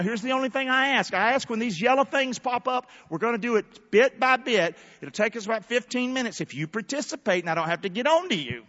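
A middle-aged male pastor preaching a sermon, leading the congregation in call-and-response and rising to shouts. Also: very high voice, lively intonation, fairly quick, hardly any pauses. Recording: dull sound with long church reverb.

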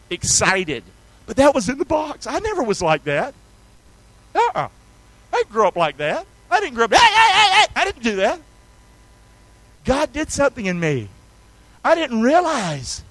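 A male pastor from North Carolina preaches an enthusiastic sermon, calling on the congregation to respond and swinging between loud and quiet passages. His voice is high-pitched, with no room sound and low recording quality.

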